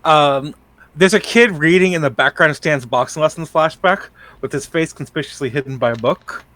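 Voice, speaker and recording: A man on a podcast chimes in with trivia about an episode. His voice sits fairly high, and the recording is dry and close. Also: moderate pace, a bit bright, no room sound. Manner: chimes in with trivia and side observations. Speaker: podcast co-host. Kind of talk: casual recap chat.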